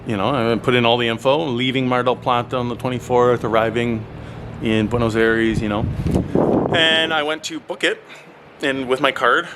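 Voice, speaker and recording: A man from Alberta, Canada, recounting his travel mishaps to camera in a rambling, animated vlog, with lots of fillers and an exasperated curse now and then. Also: medium pitch, moderate pace, background noise. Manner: swears in exasperation. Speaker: travel vlogger. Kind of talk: casual storytelling to camera.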